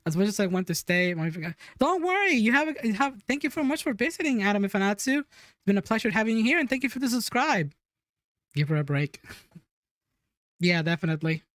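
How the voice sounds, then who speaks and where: A woman's voice: mid-range voice, sing-song, brisk, no room sound, clean studio sound. A woman hosting a podcast, chatting casually and giggly as she reacts to clips and reads the chat.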